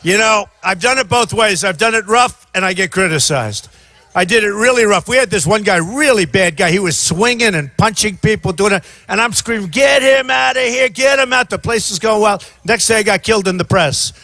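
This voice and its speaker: A man in his sixties giving an off-the-cuff campaign rally speech outdoors, rambling and repetitive, often shouting to a crowd. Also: sits high, fairly quick, no room sound. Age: 60s. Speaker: presidential candidate.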